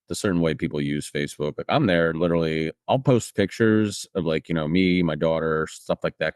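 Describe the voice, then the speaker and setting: A man's voice: rumbling low, dry recording, studio quality. A man in his thirties co-hosting a podcast, telling a rambling story in casual chat with lots of fillers. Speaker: podcast co-host.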